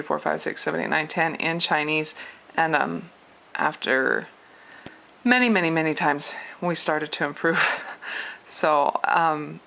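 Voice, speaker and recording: A woman's voice: deep voice, gravelly, sharp tone, a little hiss or hum. A young woman teaching Mandarin tones in a casual spoken lesson, patiently counting numbers aloud to demonstrate. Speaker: Mandarin tutor.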